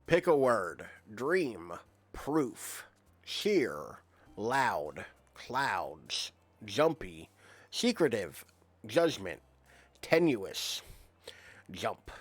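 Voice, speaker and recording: A man's voice: lowish voice, big pitch swings, very slow, long pauses, no echo. A male streamer on a live game stream, reading out game text and word lists with playful asides.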